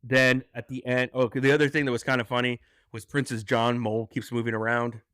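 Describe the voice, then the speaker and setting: A man's voice: medium pitch, flat delivery, a little fast, fairly bright tone, smooth, no room sound, clean studio sound. A man hosting a casual movie review chat, rambling and quoting lines from the film. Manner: rambling, with restarts and quoted lines. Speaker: podcast host.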